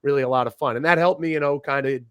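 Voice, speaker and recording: A man from Rhode Island talks as a podcast guest, spinning animated stories with plenty of laughter and restarts. His voice sits at a medium pitch and sounds dry and close, with no room around it. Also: racing, clean tone, dry recording. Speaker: podcast guest, professional wrestler. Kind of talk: casual storytelling interview.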